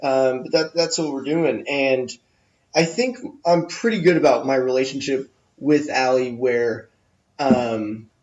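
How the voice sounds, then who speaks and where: Young male podcast host, mid-pitched, hesitant and agreeable, in an echoey room on dull, lo-fi audio. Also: a little slow, darkish tone. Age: 20s. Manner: agreeable, hesitant, lots of ums and yeahs. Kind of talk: casual podcast chat.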